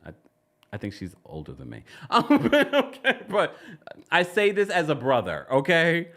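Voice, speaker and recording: A man giving casual, sassy recap commentary as host, jumping up in pitch and laughing as he talks. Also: wildly swooping pitch, a little slow, a bit bright.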